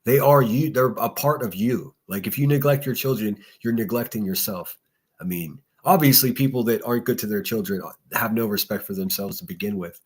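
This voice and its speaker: A man's voice: fairly low pitch, fairly quick, breathy edge. A man hosting a casual solo livestream, reading chat and giving blunt, profane, rambling commentary. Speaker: livestream host.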